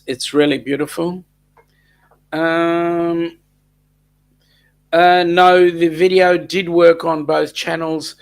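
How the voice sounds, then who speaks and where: A man with an Australian accent chats to his livestream viewers at an unhurried pace, filling gaps with ums and trailing restarts. His voice sits a little high for a man and has a gravelly edge. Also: fairly bright tone. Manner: rambling, many ums and restarts. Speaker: livestream host. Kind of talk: casual live chat reading viewer comments.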